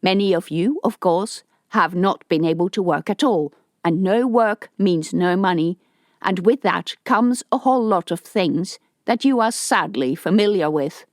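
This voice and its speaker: A woman's voice: on the low side, animated, unhurried, no echo, clean studio sound. A woman voicing a rebel leader in an audiobook, giving a defiant, rousing speech to a crowd. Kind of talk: audiobook character voice.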